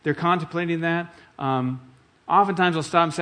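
Middle-aged man, pastor mid-sermon; emphatic, questioning the congregation, voice a touch high. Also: moderate pace, a bit bright. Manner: emphatic, repeats key phrases, asks the congregation questions.

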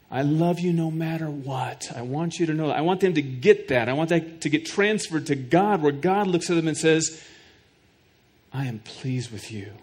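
Speaking straight to his congregation, a middle-aged man preaches a sermon with earnest conviction, posing questions to them and repeating words to drive his points home. He is a pastor whose voice is a little high with a darkish tone.

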